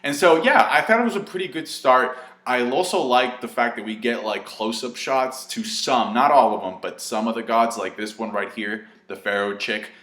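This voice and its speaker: A man's voice: mid-range voice, normal speed, hardly any pauses, fairly bright tone. A man giving a casual, chatty review of an anime episode, swearing freely and filling his talk with asides and fillers. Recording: echoey room.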